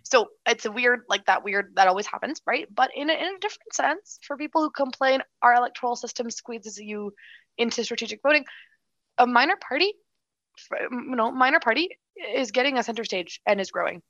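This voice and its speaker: A woman co-hosting a casual political chat, animated and quick, full of restarts and "like". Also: a little high, dry recording, lo-fi sound. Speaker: political commentator, co-host.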